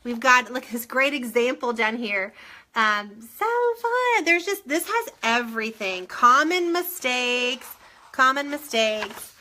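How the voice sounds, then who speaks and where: A woman's voice: a little high, measured pace. A middle-aged woman, a former English teacher gushing over books in a casual show-and-tell, full of ums. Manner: gushing, excitable, many ums.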